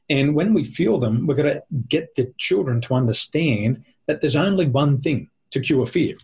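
A man with a very husky, breathy voice talks in a conversational, teacherly way. He stresses his points and runs through them as lists. His pitch sits in the middle. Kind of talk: conversational explaining.

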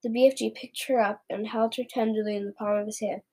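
A woman reads a children's storybook aloud, steady and plain. Her voice sits fairly high. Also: fast talker, low-quality recording. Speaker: reader.

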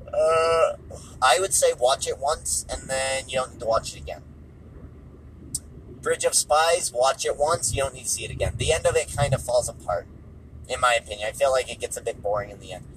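A man's voice: mid-range voice, slight background noise, poor audio. A tired, hungry man hosting a casual solo podcast, offhand and dismissive, repeating himself, recorded in a car. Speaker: podcast host.

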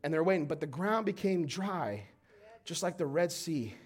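A man preaching a sermon, animated and storytelling, swinging from quiet reading to shouted emphasis. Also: fairly high pitch, moderate pace.

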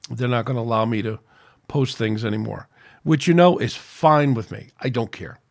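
Solo podcast host, male, mid-pitched, ranting and venting, loose and rambling. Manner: angry, ranting, rambling with restarts.

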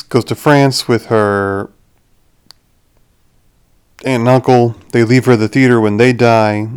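A man's voice: mid-range voice, smooth. A young man hosting a podcast, rambling through a casual movie review with frequent restarts. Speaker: podcast host.

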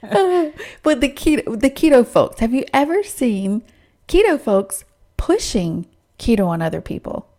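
A woman co-hosting a casual podcast chat, cheering her partner on and agreeing often, with a playful streak. Her voice is high and swoops around with lively intonation. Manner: encouraging, quick to agree, playful. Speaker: podcast co-host.

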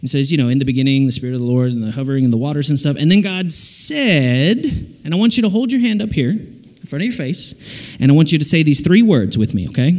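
A man giving a jokey, animated sermon to young people, acting out little voices as he goes. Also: on the high side. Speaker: preacher. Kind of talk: lively sermon to a youth audience. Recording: long hall reverb.

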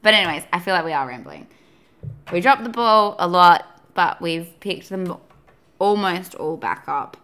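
A woman's voice: on the low side, lively intonation, moderate pace, a bit bright. A young woman co-hosting a podcast, chatting casually in a wry, chatty way. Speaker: podcast co-host. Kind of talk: casual chat.

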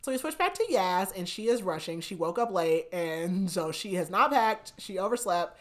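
A woman's voice: lowish voice, expressive, normal speed. A woman hosting a podcast, giving a chatty book recap, laughing often and saying "like" a lot. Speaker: podcast host.

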